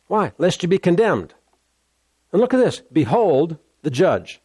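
Male preacher, somewhat high voice, stresses points by repetition, dry close recording. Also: big pitch swings, a little mellow, husky, no echo. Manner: repetitive, emphatic preaching with pauses. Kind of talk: sermon.

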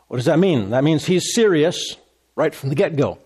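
A man's voice: fairly high pitch, lively intonation, normal speed, a little mellow, husky. A man preaching a sermon as a pastor, in a conversational tone, repeating phrases and asking the congregation "Amen?".

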